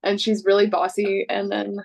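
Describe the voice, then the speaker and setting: A woman's voice: medium pitch, completely flat delivery, normal speed, gravelly, a little mellow, poor audio. A woman, a mother of three, chatting casually on a video call and thinking aloud as she asks for advice. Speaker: parent on a coaching call. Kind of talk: casual chat.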